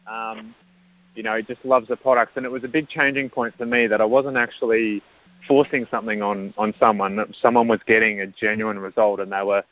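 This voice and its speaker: A man's voice: fairly low pitch, fairly even intonation, fairly quick, dull audio. A man, a guest telling a personal story in a casual way, with many fillers.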